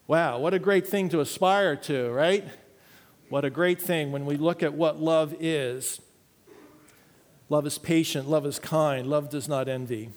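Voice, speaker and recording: A man's voice: a little high, a little slow, in a large hall. A man preaching as a pastor, earnestly leading his congregation through a unison reading. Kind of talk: sermon.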